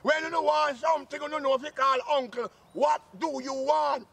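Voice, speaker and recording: A man's voice: very high voice, steady tone, moderate pace, gravelly, fairly bright tone, heavily acted. A man playing a boastful old Jamaican uncle and former soldier, blustering and scolding in a comic sketch.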